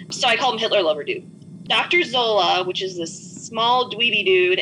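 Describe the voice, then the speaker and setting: A woman's voice: mid-range voice, pushed and bright, a little hiss or hum, rough recording. A woman hosting a podcast, chattily recapping a film and swearing freely. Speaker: podcast host. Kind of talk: casual movie recap chat.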